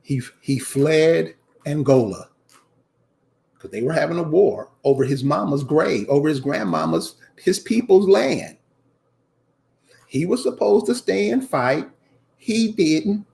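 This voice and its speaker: He sounds on the high side, very animated yet unhurried, with a gravelly, slightly mellow quality. As the channel host, he delivers a casual, preachy commentary rant, hammering home repeated points and speaking straight to "y'all."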